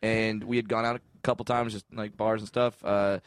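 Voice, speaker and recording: A man's voice: on the low side, level tone, moderate pace, clean tone, no room sound, clean studio sound. A man co-hosting a comedy podcast, rambling and wry in casual banter. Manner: rambling, filler-heavy, wry. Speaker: podcast co-host.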